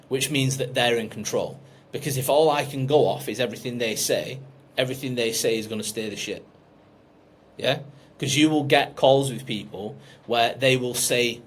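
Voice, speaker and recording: Blunt coach, casual and emphatic, mid-pitched voice with light background noise. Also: male voice, fairly bright tone. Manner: blunt, frequent swearing, emphatic. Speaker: business coach.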